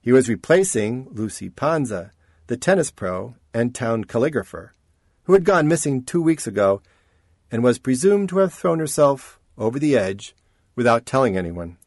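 Medium in pitch, a male narrator works through a scripted audiobook with a measured, expressive storytelling style. The recording is dry, with clean studio sound.

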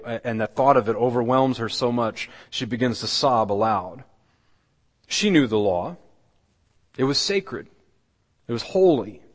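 A man preaching a sermon, retelling a scripture story dramatically and dropping his voice to a near hush. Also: mid-range voice, long reverb tail. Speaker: pastor. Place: church.

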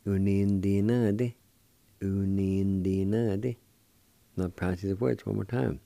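A man's voice: lowish voice, fairly even intonation, normal speed, gravelly, mellow, dry recording. A man hosting a radio language lesson who patiently spells each word letter by letter and repeats every pronunciation. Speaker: radio host teaching vocabulary.

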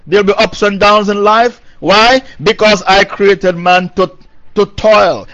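Guy preaching a quran commentary, highish voice, recites arabic then explains, repeats stuff for emphasis, muffled old recording. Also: steady tone, a little slow, a bit bright. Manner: emphatic, repeats key phrases. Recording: dull lo-fi recording.

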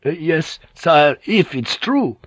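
A man's voice: a little high, sing-song, slow, no room sound, voice pushed up, heavily acted. A man voicing a nervous, deferential male priest who serves as an interpreter in an audiobook. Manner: hesitant, deferential.

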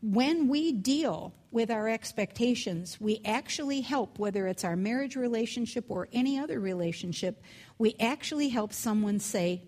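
A woman's voice: a little high, expressive, moderate pace, darkish tone. A woman teaching a Bible lesson in a conversational way, with chatty asides. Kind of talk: scripture teaching talk.

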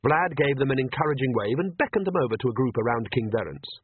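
A man's voice: medium pitch, animated, fast talker, slightly rough, no room sound. A man narrating an audiobook with wry, dry storytelling, on a tinny phone-like recording.

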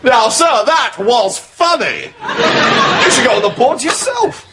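A man's voice: extremely high pitch, very animated, a little slow, a loud crowd, very noisy, full character voice. A man playing a naive young officer in a studio sitcom, hearty and gushing. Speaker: lieutenant.

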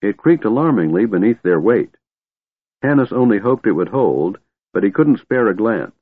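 A man reading a fantasy audiobook in a steady, measured storytelling manner. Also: lowish voice, breathy edge, no echo. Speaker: audiobook narrator. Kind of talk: scripted fantasy narration. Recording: tinny phone-like, dry.

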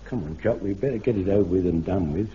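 A man's voice: low voice, fast, mellow, natural voice. An actor playing a flustered, eager elderly platoon man who rambles and stammers in a vintage radio comedy. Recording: dull lo-fi archive radio recording with faint hiss.

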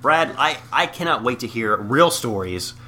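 A man co-hosting a podcast, chatting casually with quick jokey asides. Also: mid-range voice, lively intonation, background noise. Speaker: podcast co-host. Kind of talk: casual chat.

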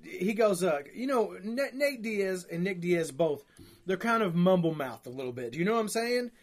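A man's voice: sits high, lively intonation, normal speed. A man co-hosting a podcast in casual chat, joking and laughing often. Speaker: podcast co-host.

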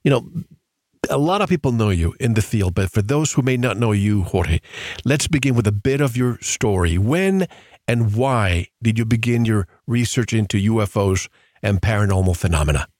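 A man's voice: fairly low pitch, expressive, moderate pace, darkish tone, dry recording, studio quality. A man from Puerto Rico hosting a radio program, opening the show and introducing his guest in a polished broadcast manner. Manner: smooth, polished broadcast delivery. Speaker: radio host.

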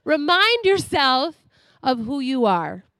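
Chatty, animated female preacher with a high voice and a dry, close sound. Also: takes it slowly, no room sound. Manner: animated and chatty, laughs often. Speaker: speaker. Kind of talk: sermon.

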